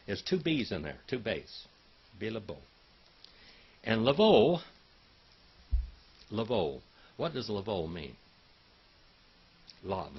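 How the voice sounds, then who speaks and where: A man's voice: mid-range voice, highs cut off. A man teaching a Bible Hebrew class in a folksy, chatty way, calling on students by name and drilling word meanings. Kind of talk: classroom lecture.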